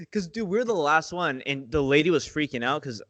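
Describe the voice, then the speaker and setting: A man's voice: fairly high pitch, expressive, moderate pace, fairly bright tone, no echo. A young man co-hosting a podcast in casual chat, slangy and swearing often, calling his friend dude and bro. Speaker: podcast co-host.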